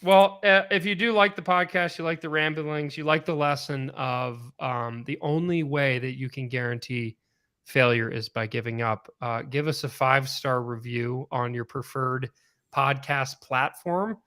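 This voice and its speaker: Bright, upbeat podcast host man. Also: medium pitch, steady tone, measured pace, smooth. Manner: upbeat, rambling, with many fillers. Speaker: podcast host and CrossFit coach. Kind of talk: casual live podcast chat.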